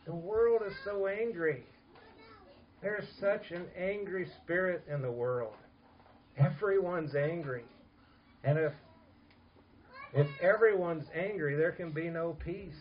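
A man's voice: on the high side, slow, pauses often, a little hiss or hum. Earnest male preacher, muffled recording. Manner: earnest, emphatic preaching with soft asides. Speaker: pastor. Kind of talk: sermon.

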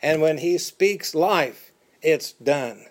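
A male pastor with a slightly high voice preaches a sermon, shifting between measured teaching and lively, dramatic quotation. When he acts out what people say to God, his voice climbs higher, making the preaching animated.

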